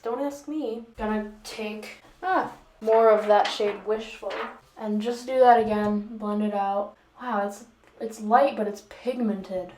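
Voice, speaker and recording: A woman's voice: mid-range voice, steady tone, takes it slowly, darkish tone, faint music behind. A woman vlogger chatting through a makeup tutorial, rambling and making fun of herself along the way. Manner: rambling, self-mocking, joking asides. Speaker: beauty vlogger. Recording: echoey room.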